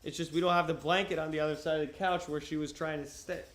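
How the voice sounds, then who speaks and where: A young man streaming from his couch, joking loudly and swearing as he chats with viewers and reads aloud. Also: a little high, fairly even intonation, fast talker, reverberant. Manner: loud, profane, joking. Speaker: streamer reading to chat. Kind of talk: casual livestream chat and reading aloud. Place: home, on a couch. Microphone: wearing headphones.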